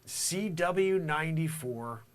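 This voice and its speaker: A man's voice: fairly high pitch, lively intonation, slow pace. A man improvising a comedic monologue as a self-styled time traveler, rambling with conspiratorial asides. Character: self-proclaimed man from the future, boastful.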